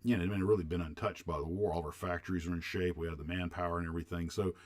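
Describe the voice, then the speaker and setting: A deep-voiced older man from the United States hosts a casual livestream. He rambles warmly through memories, stops to answer viewers' questions, and keeps the tone loose and conversational. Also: fairly even intonation, very fast. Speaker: livestream host.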